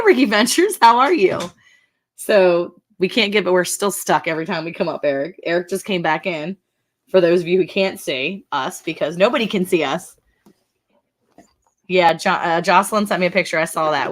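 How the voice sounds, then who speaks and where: A woman hosting a casual ranch livestream, chatty and laughing often as she greets viewers by name. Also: on the low side.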